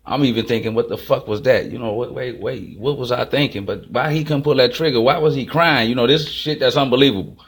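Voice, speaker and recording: A man's voice: medium pitch, fairly quick, hardly any pauses, breathy edge. A man telling a raw, profane life story in a casual monologue. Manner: raw, profane street talk. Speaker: host.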